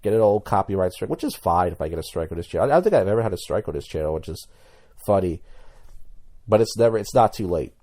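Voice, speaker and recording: Low-voiced, dark-toned rambling man. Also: animated, fast. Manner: rambling, blunt, many restarts. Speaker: YouTuber. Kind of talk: casual commentary vlog.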